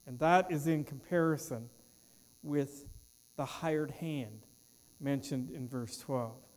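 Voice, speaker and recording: A man's voice: mid-range voice, slow pace, darkish tone, in a large hall. A man preaching a sermon as pastor, with an emphatic cadence that trails off at the ends of phrases. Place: church.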